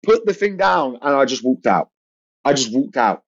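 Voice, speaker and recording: A man's voice: medium pitch, moderate pace. A young male comedian spins a rambling tale in loose podcast chat. He stumbles over restarts and fillers as he goes. The sound is a bit dull and lo-fi. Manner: rambling, animated storytelling with lots of fillers and restarts. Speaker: comedian guest. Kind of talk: casual anecdote on a podcast. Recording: dull lo-fi audio.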